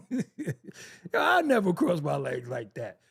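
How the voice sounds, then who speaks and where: A man's voice: high voice, huge pitch swings, slow, creaky, fairly bright tone, breathy edge. A man hosting a casual reaction video, joking, laughing often and swearing freely as he comments on clips.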